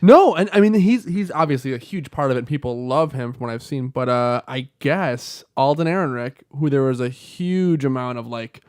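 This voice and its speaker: A young man co-hosting a casual chat, swearing freely and getting worked up into rants that turn to shouting. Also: medium pitch, normal speed, hardly any pauses, smooth, dry recording, clean studio sound. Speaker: podcast co-host.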